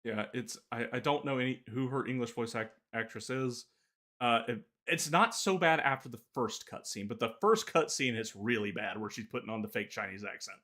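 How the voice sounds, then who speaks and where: A man in casual podcast chat who talks in stops and starts, filling gaps with pauses as he gathers his thoughts. His pitch sits in an ordinary middle range. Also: pushed and bright. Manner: halting, many filler pauses. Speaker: podcast co-host.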